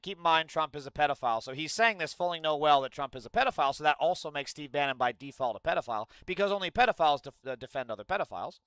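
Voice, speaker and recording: A man's voice: fairly high pitch, expressive, very fast, few pauses, a bit bright, clean tone, dry recording. A man streaming heated political commentary, ranting and swearing at his chat. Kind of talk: angry livestream commentary.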